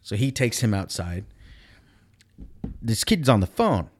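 A man in casual chat, telling a long story with blunt, profane, animated retelling. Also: lowish voice, unhurried, a little hiss or hum.

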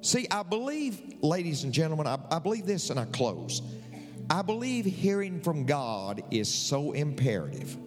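A man's voice: a little high, big pitch swings, normal speed, music in the background. A man in his later years, a pastor preaching a sermon with dramatic emphasis and repeated phrases. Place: church sanctuary. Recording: large reverberant hall.

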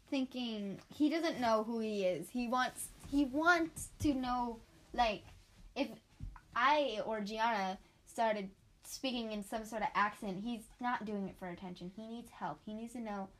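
A teenage girl co-hosting a casual book review chat, speaking in halting, hesitant phrases. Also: on the high side. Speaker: co-host.

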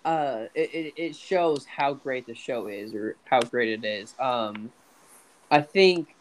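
A young man chats casually as a podcast co-host. He stumbles through his thoughts with repeated restarts and stammers, in an ordinary mid-pitched voice. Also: lively intonation, slow, a little hiss or hum.

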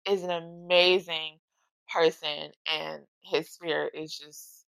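A woman talking casually and emotionally about music, swearing often, with a gravelly voice. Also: sits low, level tone, takes it slowly, a bit bright, dry recording, low-quality recording.

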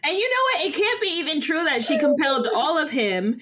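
A woman's voice: high voice, very animated, fairly quick, pushed and bright. A woman co-hosting a podcast in casual chat, emphatic and swearing freely while recapping a show. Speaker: podcast co-host.

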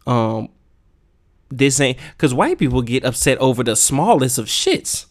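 His mid-range voice swings widely in pitch as this podcast host keeps a measured pace. Alone on the mic, he launches into a casual, profane, heated monologue full of forceful rhetorical questions.

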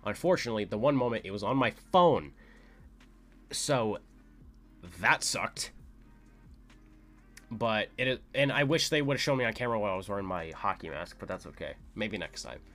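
Excitable young man telling a story. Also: normal speed, long pauses, faint music behind. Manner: excitable, lots of "like" fillers, jumps to high pitch when quoting shouts. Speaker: podcast host. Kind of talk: casual storytelling monologue.

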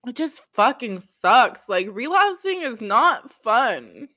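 A woman's voice: fairly high pitch, big pitch swings, pushed and bright. Raw, self-critical young woman vlogging. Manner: raw, self-critical, swearing, halting restarts. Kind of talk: confessional vlog.

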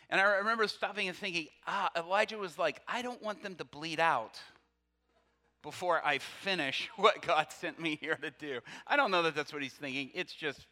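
A man preaching a sermon, reading scripture aloud with lively asides, laughing often and questioning his listeners. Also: fairly high pitch. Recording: long reverb from a hall.

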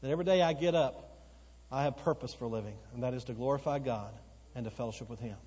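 A male pastor preaching a sermon, swinging between loud emphatic outbursts and slow, quiet, earnest stretches, repeating phrases for emphasis. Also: mid-range voice, slightly rough. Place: church sanctuary. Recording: long church hall reverb. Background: occasional congregation responses.

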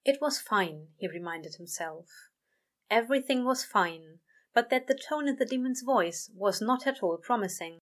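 A woman reading a story aloud, narrating in a gentle, even way. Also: fairly high pitch, moderate pace. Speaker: reader. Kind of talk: reading fan fiction aloud.

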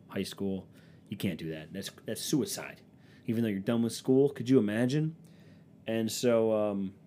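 A man's voice: lowish voice, a little mellow, slight background noise. A young man with a stuffy nose from allergies, rambling through a sarcastic, profanity-laced comedic monologue. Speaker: vlogger.

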